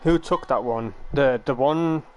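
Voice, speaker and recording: Soft music plays behind a young man as he talks to his audience during a live gaming stream. His pitch sits in the middle, and his easygoing, leisurely manner carries him through lengthy, wandering explanations.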